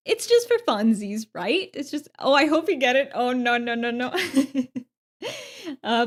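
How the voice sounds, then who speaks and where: A woman from Romania streaming a game, chatting with her viewers in a bubbly, giggly way. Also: a little high. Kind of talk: casual live-stream chat.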